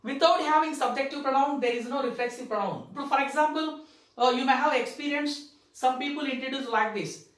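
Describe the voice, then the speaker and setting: A woman teaching a grammar lesson, repeating words slowly and stressing key terms. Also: high voice. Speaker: English teacher. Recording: echoey room, far from the mic.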